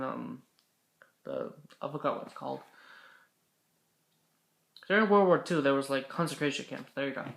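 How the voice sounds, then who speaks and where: A man's voice: medium pitch, vocal fry, fairly bright tone, roomy sound. A young man vlogger telling a story casually, rambling and correcting himself, swearing now and then.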